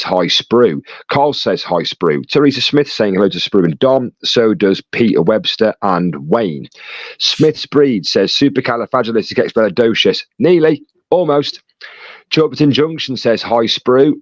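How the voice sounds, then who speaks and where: A man's voice: mid-range voice, dry recording. Man reading out stream chat. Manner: reads chat messages aloud with quick asides and banter. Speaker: livestream host reading chat. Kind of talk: casual live chat reading. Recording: dull lo-fi dry sound.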